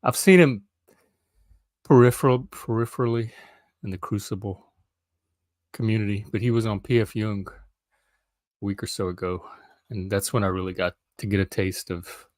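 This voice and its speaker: Low-voiced man rambling on a stream. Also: steady tone, moderate pace, long pauses, no echo, clean studio sound. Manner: rambling, hesitant, lots of ums. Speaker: live stream host. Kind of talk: casual solo live stream chat.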